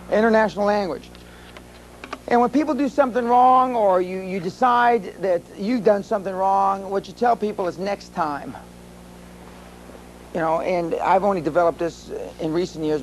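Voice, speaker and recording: A man's voice: sits high, darkish tone, a little hiss or hum, low-quality recording. An older American man speaking at a live seminar, telling stories in a blunt, profane way. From USA.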